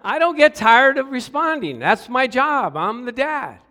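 Animated preaching man with big swings. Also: very high-pitched, unhurried. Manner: animated storytelling, swings from hushed to loud exclamations; asks the congregation for responses. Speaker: pastor. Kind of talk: sermon.

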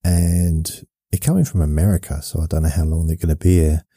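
A man hosting a podcast, softly spoken, rambling along in a meandering monologue meant to lull listeners to sleep. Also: very deep voice, fairly even intonation, fairly quick, no echo. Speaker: podcast host.

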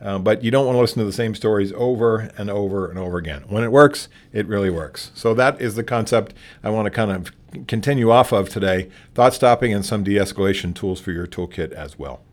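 A man giving a conversational training talk on calming difficult patrons, plainspoken, often restarting phrases and acting out sample dialogue. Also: on the low side, brisk.

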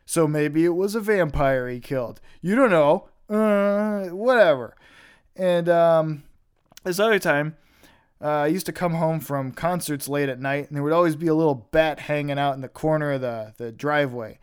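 A young man tells stories on his podcast in a loose, rambling monologue, dropping casual swears as he goes. His voice sits a little high and sounds smooth and clear. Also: moderate pace. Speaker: podcast host.

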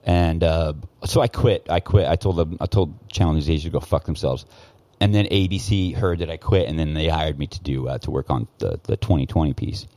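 Guest: very low male voice, dry close sound, swears a lot and stops and restarts as he tells a story. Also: warm tone, no room sound. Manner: profane, heated, halting with many restarts. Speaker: guest, former news cameraman. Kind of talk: casual podcast storytelling.

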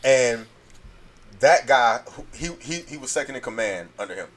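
A man in his thirties telling a story in casual chat, animated, acting out the voices and swearing freely. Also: mid-range voice, normal speed. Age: 30s.

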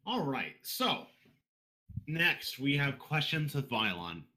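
Sarcastic sweary podcast cohost, bright voice bouncing around. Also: medium pitch, very animated, takes it slowly. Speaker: podcast co-host. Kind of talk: casual chat.

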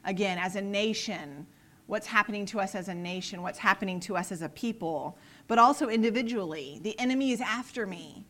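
A woman's voice: medium pitch, brisk, fairly bright tone. A woman in her thirties giving an earnest, casual Bible study lesson, often acting out prayers in quoted voices. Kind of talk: casual devotional teaching.

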